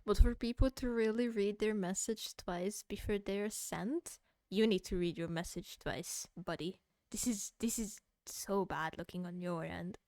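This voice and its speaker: A woman's voice: medium pitch, measured pace, a little mellow, no echo. A young woman streamer in casual livestream commentary, ranting hotly while reading a post aloud, swearing and breaking into laughter. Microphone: close mic she bumps.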